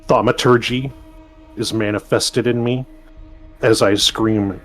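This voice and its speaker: Casual, low-voiced man playing a tabletop game. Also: fairly even intonation, slow pace, pauses often, fairly bright tone, soft background music. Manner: casual, hesitant, full of fillers. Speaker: player. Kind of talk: tabletop role-play chat.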